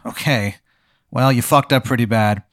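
A man's voice: medium pitch, moderate pace, no room sound, studio quality, lightly acted. A man voicing an old bearded male wizard who talks in a bad put-on Maryland accent, laid-back and blunt. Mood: matter-of-fact.

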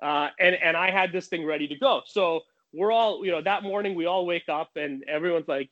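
A man telling a long personal story in casual talk, animated, with many restarts. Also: fairly high pitch, fairly quick, hardly any pauses, lo-fi sound.

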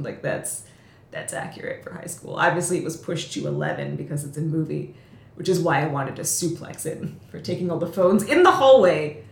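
Young female co-host, casual and rambling, slightly low pitch; roomy echo on the recording. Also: lively intonation, fairly quick, gravelly. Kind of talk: casual film discussion. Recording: echoey room.

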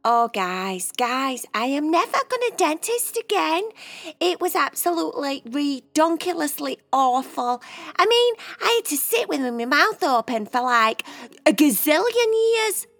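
Woman as a gushing, over-the-top cat girl for a kids' bedtime story; bright, high and bouncy. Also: sing-song, measured pace, creaky, full character voice. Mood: complaining. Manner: dramatic, gushing and exaggerating. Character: dramatic, fibbing female cat who exaggerates.

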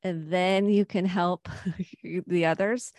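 A middle-aged woman psychotherapist, a podcast guest, gives earnest, gentle advice on parenting and anxiety. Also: on the low side, steady tone, takes it slowly, no echo. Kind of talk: podcast interview.

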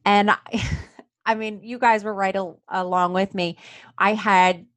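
A woman hosts a podcast in a casual, enthusiastic way and gets animated when she is excited. Her voice sits in a middle pitch. It is recorded dry and close, with no room sound. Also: unhurried, no echo. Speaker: podcast host. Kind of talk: casual chat.

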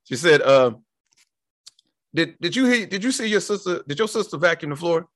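A man's voice: a little high, moderate pace, no echo, clean studio sound. A man, telling a funny childhood story in casual chat, laughing and acting out voices. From Southern United States. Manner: animated, laughing storyteller who acts out voices.

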